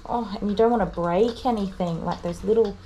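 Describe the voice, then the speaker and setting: A woman's voice: mid-range voice, fairly quick, mellow, lo-fi sound, a little hiss or hum. A woman dog groomer chatting on a live stream from her grooming salon, cooing over a tiny dog and sometimes dropping to a whisper.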